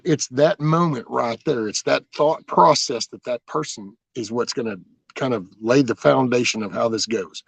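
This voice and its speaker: Man, gravelly, dry close sound, casual livestream chat, folksy rambling stories. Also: medium pitch, moderate pace, dry recording. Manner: rambling, folksy storytelling with mild cursing. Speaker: livestream host. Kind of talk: casual livestream chat, answering viewer comments.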